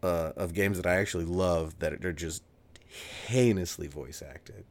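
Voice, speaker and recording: A man co-hosting a podcast in relaxed casual chat, his voice hoarse from having lost it. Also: low voice, a little slow, a little hiss or hum. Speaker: podcast co-host, voice actor.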